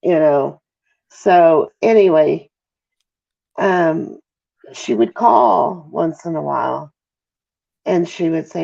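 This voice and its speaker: Gravelly and warm, a middle-aged mother's low-pitched voice is expressive and slow, with long pauses, during an emotional interview by call. She tends to halt, say sorry and lose her train of thought over dull, lo-fi audio.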